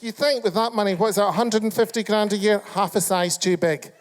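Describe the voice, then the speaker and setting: High-voiced Scottish host roasting a crowd. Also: male voice, steady tone, a little fast. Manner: foul-mouthed, camp, teasing the audience. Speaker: chat show host. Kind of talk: live stand-up crowd work. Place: live comedy venue.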